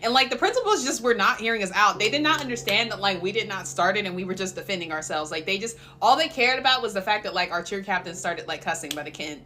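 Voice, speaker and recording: A young woman from Oklahoma telling a casual storytime in an animated, chatty way, laughing often and filling her talk with fillers. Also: medium pitch, fast, hardly any pauses.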